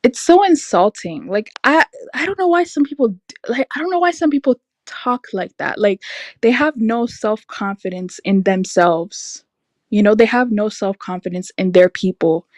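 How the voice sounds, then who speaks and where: A woman's voice: medium pitch, animated, normal speed, no echo. A young woman talks on her livestream in a casual, exasperated rant, leaning hard on her points and dropping "like" into nearly every sentence. Her voice sits in a middle range for a woman. The sound is dry and close, with no room in it. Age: young adult. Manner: exasperated, emphatic, frequent "like" and laughs. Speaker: livestream host. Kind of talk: casual opinion rant on a stream.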